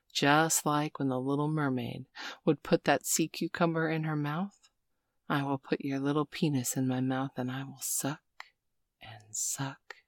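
Woman, whispered role-play, very deep voice, gravelly, coaxing and teasing, dry close mic. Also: no room sound. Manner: slow, coaxing, teasing, full of pet names. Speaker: audio role-play performer.

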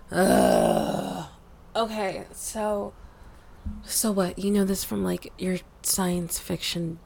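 Woman acting flustered anxious young woman, stammering, swearing, gravelly fry, slow unhurried delivery, audio role-play. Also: medium pitch, a little mellow. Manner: stammering, swearing, many fillers.

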